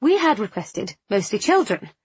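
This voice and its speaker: Woman voicing snobbish village lady, high and affronted, husky tone, close dry sound. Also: very animated, normal speed, no room sound. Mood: fussy. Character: fretful snobbish middle-aged village lady.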